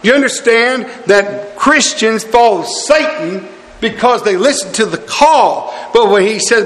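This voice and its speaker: A man's voice: sits high, animated, a little slow, a bit bright, long reverb tail. A man preaching a sermon in a church, folksy and pleading with his congregation, chuckling as he goes.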